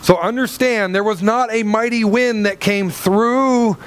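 A man's voice: high voice, a little slow, clear, resonant tone. A male pastor preaching to a congregation, reading scripture and telling a story, repeating himself and asking 'Amen?' and 'Okay?'. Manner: rambling, repeats and restarts, checks in with the congregation. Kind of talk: sermon with Bible reading and anecdote.

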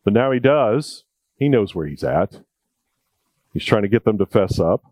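A man's voice: lowish voice, lively intonation, normal speed, darkish tone, dry recording. A male preacher delivering a sermon in a conversational, jokey way, repeating key points for emphasis.

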